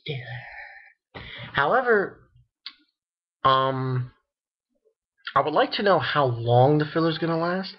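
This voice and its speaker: A man giving a casual spoken recap of an anime episode, excitable and rambling, often laughing and restarting his sentences. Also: a little high, husky, highs cut off.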